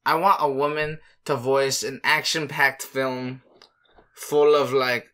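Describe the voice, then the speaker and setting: A young man co-hosts a podcast in casual chat, playful and giggly as he jumps from idea to idea. His medium-pitched voice is bright and forceful, slow, with little pitch movement.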